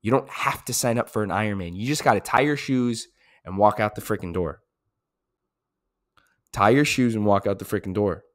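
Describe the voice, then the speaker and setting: A man's voice: on the low side, normal speed, long pauses. A man giving a casual, pumped-up recap of his race as a triathlete, repeating phrases and swearing for emphasis.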